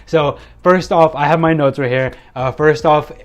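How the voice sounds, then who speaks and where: A man's voice: on the high side, steady tone, moderate pace. Man casually recapping a wrestling show. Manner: loose and rambling, many fillers and self-corrections. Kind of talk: casual solo recap from notes.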